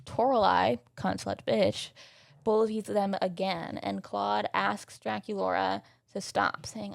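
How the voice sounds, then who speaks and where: Sassy young woman podcaster, super gravelly fry, swears a lot, dead dry sound. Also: medium pitch, unhurried, dry recording. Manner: chatty, sassy, swears freely. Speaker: podcast host. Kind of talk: casual recap chat.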